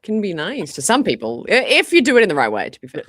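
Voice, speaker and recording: A woman guest on a podcast, chatting casually and animatedly, with lots of fillers and restarts. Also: medium pitch. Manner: animated, fast, full of likes and restarts.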